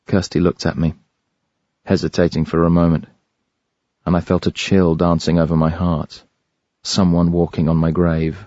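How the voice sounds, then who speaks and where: A man reading a first-person thriller audiobook in a measured, grave way. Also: low voice, little pitch movement, dark tone, no echo. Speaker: audiobook narrator. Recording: dry, slightly dull studio recording.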